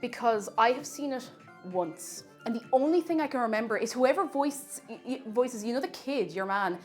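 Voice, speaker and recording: A young Irish woman with a fairly high voice that swoops up and down as she talks. She rambles happily through a live baking stream, laughing and reading chat aloud. Faint music plays softly behind her. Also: normal speed. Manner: animated, rambling and laughing, reads out chat messages.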